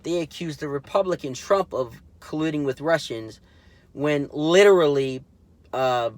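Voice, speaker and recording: A man's voice: a little high, unhurried, dry recording. A man hosting his own political commentary show, talking casually and indignantly with lots of fillers and restarts. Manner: rambling, full of fillers and restarts; indignant, mocking.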